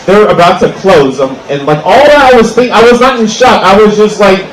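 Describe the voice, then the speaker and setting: A fairly high-voiced young man performs stand-up outdoors, his words ringing out with a lot of echo from the PA. He rambles, restarting sentences and filling them with "like". He speaks into a handheld stage mic. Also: expressive, brisk, hardly any pauses, a little hiss or hum. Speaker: stand-up comedian. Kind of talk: stand-up comedy set.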